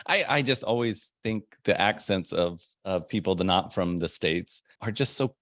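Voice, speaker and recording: A man's voice: low-pitched, lively intonation, moderate pace, a bit bright, no echo, clean studio sound. Upbeat rambling male podcast host. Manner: upbeat, rambling, jokey, laughs a lot. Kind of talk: podcast interview.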